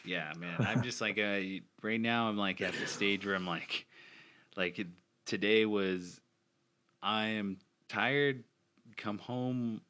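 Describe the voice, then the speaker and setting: A man's voice: lowish voice, takes it slowly, bright, forceful tone. A young man chatting casually as a podcast co-host, upbeat and eager, stumbling over restarts. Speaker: podcast co-host, new father. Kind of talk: casual chat.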